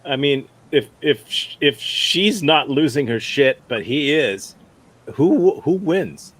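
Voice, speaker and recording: A man teaching an improv workshop, giving thoughtful, halting feedback with many restarts. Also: on the high side, expressive, a bit bright, slightly rough.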